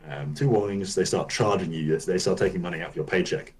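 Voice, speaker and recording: Guy with a really low voice, chatting loose and rambly about games, drops the odd swear. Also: brisk, rough recording. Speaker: podcast co-host. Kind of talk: casual gaming chat.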